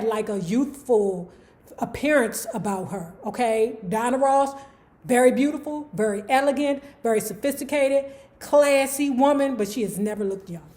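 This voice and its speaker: A woman telling celebrity gossip and stories in a chatty, slangy, animated way. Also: on the high side. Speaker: YouTube gossip commentator. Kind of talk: casual gossip storytelling.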